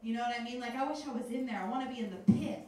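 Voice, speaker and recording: A woman's voice: a little high, racing, darkish tone, far from the mic. Chatty young woman doing stand-up in a club. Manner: chatty, rambling, lots of "like" and "you know". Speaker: stand-up comedian. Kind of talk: stand-up comedy set. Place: comedy club stage. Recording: roomy club sound heard from afar, crowd noise. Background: audience laughter.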